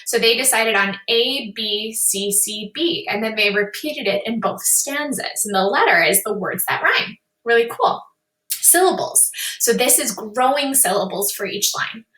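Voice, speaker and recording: A woman's voice: on the high side, animated, measured pace, a bit bright, recorded from a distance. A woman teaching a lesson on poetry, explaining terms in an upbeat, explanatory way and calling things really cool. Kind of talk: classroom lesson on poetry with read-aloud examples. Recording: echoey room, voice a bit off-mic.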